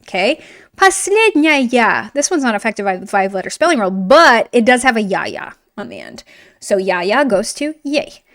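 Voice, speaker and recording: A woman teaching a grammar lesson in a lively, chatty way, with playful asides and frequent teacherly check-ins. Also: fairly high pitch, moderate pace. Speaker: Russian language teacher.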